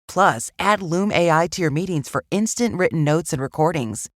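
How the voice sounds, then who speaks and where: A woman's voice: low-pitched, expressive, normal speed, no room sound, clean studio sound. A woman reading a sponsor advertisement in an upbeat way. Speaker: ad announcer.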